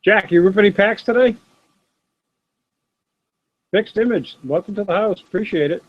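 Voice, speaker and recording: A man's voice: high voice, normal speed. A middle-aged man, casually chatting on a live stream from his home desk and answering viewers by name, recorded on a laptop mic. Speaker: host of a live sports card stream. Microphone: laptop built-in camera mic. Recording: dull, dry laptop audio.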